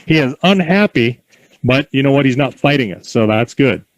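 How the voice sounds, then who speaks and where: Calm folksy man coaching outdoors. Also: mid-range voice, normal speed, no room sound, poor audio. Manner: calm, encouraging, folksy storytelling. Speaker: horse driving instructor. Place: outdoor horse corral.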